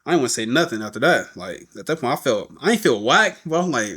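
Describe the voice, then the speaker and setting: A man's voice: mid-range voice, brisk, hardly any pauses, breathy edge. A middle-aged man, a podcast guest, telling a story in casual talk and acting out the voices of the people he quotes. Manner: animated, acts out quoted voices.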